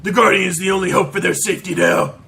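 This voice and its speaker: A man's voice: high-pitched, wildly swooping pitch, fast talker, gravelly, bright, forceful tone, a little hiss or hum, full character voice. A man voicing a desperate father reading out his urgent journal entries.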